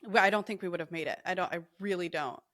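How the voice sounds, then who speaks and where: Blunt, animated young woman telling a story. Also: on the low side, fast, no echo, clean studio sound. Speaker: podcast co-host. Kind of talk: casual storytelling chat.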